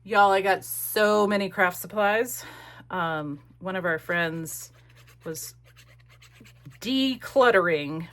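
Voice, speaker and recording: A woman's voice: lowish voice, fairly bright tone. A woman chatting casually and rambling with many fillers in a crafting vlog, recorded at home on a desk camera. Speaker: crafting vlogger.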